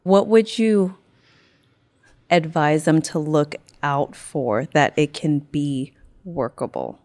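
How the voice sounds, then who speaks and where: A woman hosting a podcast who shares reflective thoughts before asking her guest questions. Her voice sits a little low, recorded dry and close. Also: slow, a little mellow, dry recording. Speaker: podcast host. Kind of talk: casual interview conversation.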